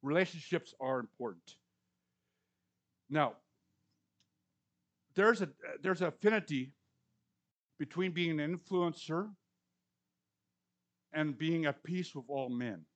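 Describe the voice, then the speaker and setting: A man in his sixties preaching a conversational sermon, repeating words for emphasis and swinging between loud and hushed lines. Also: fairly high pitch, slow pace, pauses often, lo-fi sound. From Canadian or US prairies. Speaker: pastor.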